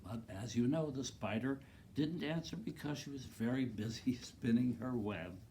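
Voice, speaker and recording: A man reading a picture book aloud to second graders, expressive and talking to the children directly about the pictures. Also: mid-range voice, moderate pace, a little hiss or hum. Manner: expressive, makes loud animal noises.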